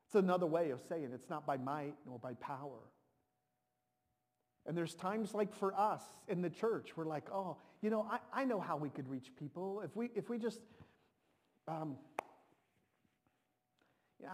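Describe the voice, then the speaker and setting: Male preacher, high pitch, animated and repetitive delivery, reverberant sanctuary. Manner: animated, repeats words, shouts to dramatize. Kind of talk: sermon. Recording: long reverb of a large hall.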